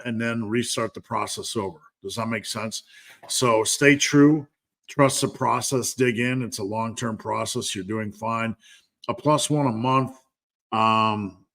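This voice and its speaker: A man's voice: fairly low pitch, a bit bright. A man hosting a live stream Q&A as a strength coach, talking candidly and bluntly with lots of fillers.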